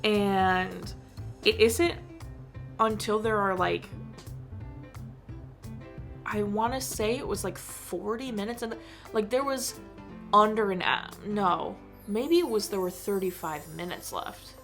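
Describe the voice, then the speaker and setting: Woman, creaky vlogger voice, rambling exasperated film rant, faint music behind. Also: mid-range voice, takes it slowly, long pauses. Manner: rambling, heavy use of "like", exasperated. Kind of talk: casual movie review rant.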